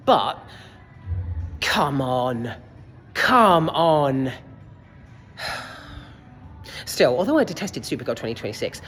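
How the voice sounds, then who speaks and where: In a vlog shot in a reverberant cinema foyer, faint background noise audible, a young film reviewer rambles about a film and the heat. His voice sits on the high side and a bit bright, and the rant is casual, sweary and exasperated.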